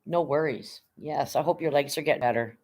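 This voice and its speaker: A woman's voice: deep voice, fast talker, a little mellow, slightly rough. Middle-aged woman, livestream host, chatty and rambling, blunt with a bit of swearing. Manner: rambling, chatty, greets viewers by name. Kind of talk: casual livestream chat.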